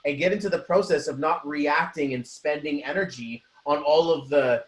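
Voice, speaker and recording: A man giving an energetic motivational talk as a co-host, often acting out the voices of the people he quotes. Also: on the high side, normal speed. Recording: roomy echo.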